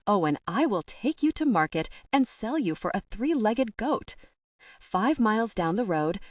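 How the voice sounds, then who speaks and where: A woman's voice: medium pitch, no echo, clean studio sound, recorded from a distance. A woman voicing a harried village mother who scolds her children while giving directions. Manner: exasperated, chatty.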